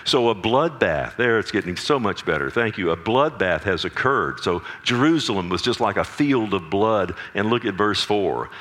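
A male pastor with a fairly low voice preaches earnestly to his congregation. He leans into key words with emphasis, often restarting his sentences. Now and then he drops in a light joke. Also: animated, normal speed, hardly any pauses, a bit bright. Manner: jokes with the congregation. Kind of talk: sermon teaching.

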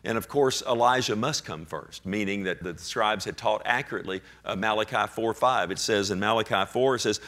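Animated male preacher, low voice. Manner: animated preaching, swings from hushed to loud; reads scripture aloud with slow emphasis. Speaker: pastor. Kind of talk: sermon.

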